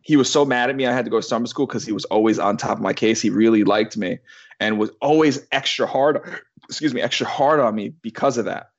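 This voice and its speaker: A man's voice: mid-range voice, fast. Rambling man in his thirties, lo-fi. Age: 30s. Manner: rambling, with many restarts and swearing. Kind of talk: casual storytelling.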